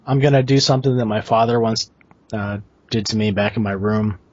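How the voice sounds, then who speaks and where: A man's voice: lowish voice, fairly even intonation, a little fast, darkish tone, dry recording. A man casually describing his character's actions as a player in a tabletop game over a video call. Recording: muffled lo-fi online call.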